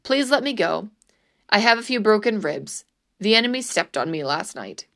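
A woman's voice: medium pitch, sing-song, moderate pace, gravelly, a bit bright. A woman voicing a frightened, reluctant middle-aged peasant man made governor, pleading and protesting. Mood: weary.

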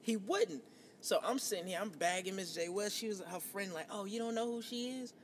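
Casual podcast host, man from New York, 30s, high voice, reverberant room with a faint rumble. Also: a little fast. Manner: profane, animated storyteller, quoting himself. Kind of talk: casual storytelling chat.

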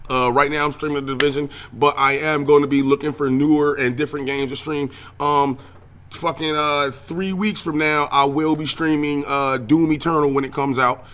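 A young man who hosts his own podcast and streams rants casually about video games and the news, swearing freely. He's animated, trails off into plenty of filler words, and speaks at normal speed with a slightly high voice.

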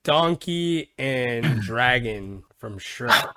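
A man hosting a podcast, joking and swearing in loose, animated banter. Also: mid-range voice, very slow, smooth. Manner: animated, profane, jokey. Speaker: podcast host. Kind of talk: casual podcast chat.

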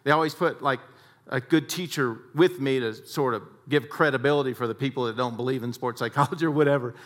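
A man telling stories dramatically in a talk with a faith message, swinging between loud and hushed. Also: mid-range voice, quick pace. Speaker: speaker, sports psychologist.

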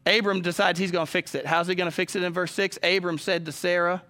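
A man's voice: sits high, fairly even intonation, quick pace, sharp tone. A man preaching a sermon, telling stories and addressing the congregation directly. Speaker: pastor.

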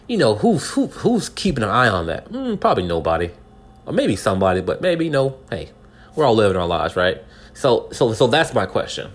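A man from California delivering casual spoken commentary in a somewhat low voice. He talks earnestly and directly to the listener, piling up rhetorical questions, restarting and repeating words as he works through his thoughts. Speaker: podcast commentator.

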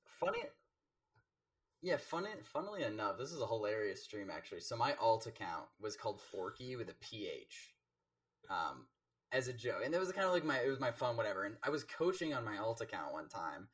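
Low-voiced man telling gaming stories. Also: very animated, fairly quick, fairly bright tone, distant mic. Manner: rambling storyteller with many fillers and restarts. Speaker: Rocket League coach and guest. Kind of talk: casual interview chat.

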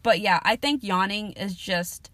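A woman's voice: mid-range voice, a little slow, pushed and bright, no echo. A young woman hosting a casual solo podcast, rambling and swearing freely, laughing often and losing her train of thought. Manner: chatty, profane, laughs often, trails off mid-sentence. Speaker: podcast host.

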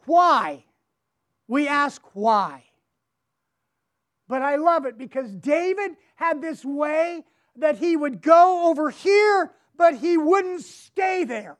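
A high-voiced woman gives a devotional Bible teaching at an unhurried pace. She is emphatic, repeats words for stress and keeps asking rhetorical questions. She reads scripture aloud with feeling. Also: lively intonation.

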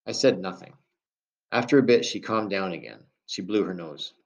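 Low-voiced man narrating a novel. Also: normal speed. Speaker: audiobook narrator. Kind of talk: first-person novel narration. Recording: dull lo-fi recording.

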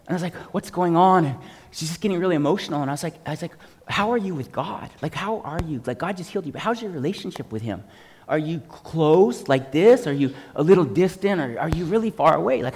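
A man preaching to a crowded room, his slightly high voice carrying a long hall reverb. He tells his story with lively energy, acting out the dialogue and shouting to drive points home. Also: husky. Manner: animated storyteller, acts out dialogue, shouts for emphasis. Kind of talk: sermon with personal testimony.

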